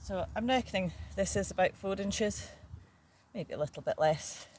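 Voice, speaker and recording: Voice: mid-range voice, animated, normal speed, a little mellow, a little hiss or hum. An older vlogger chatting casually in a matter-of-fact way while working outdoors in a garden. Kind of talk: casual chat.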